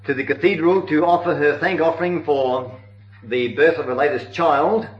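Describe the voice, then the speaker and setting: A man's voice: on the high side, moderate pace. Earnest man preaching church history. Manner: earnest storytelling with occasional hesitations. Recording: dull roomy old recording.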